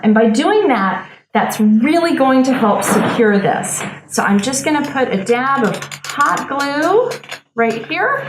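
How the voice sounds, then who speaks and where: A woman's voice: sits high, reverberant, a little hiss or hum. A woman hosting a lifestyle show, giving an upbeat, casual how-to demonstration while she works with her hands. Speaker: show host demonstrating a planter DIY.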